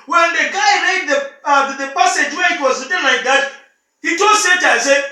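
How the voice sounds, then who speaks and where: A man preaching a sermon, emphatic and repetitive, often shouting his points, recorded in an echoey room away from the mic. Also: very high voice, moderate pace, far from the mic.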